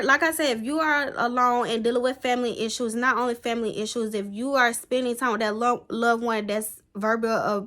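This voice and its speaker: A woman's voice: fairly high pitch, pushed and bright. A young woman, talking earnestly to the camera in a rambling, emotional personal vlog. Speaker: vlogger.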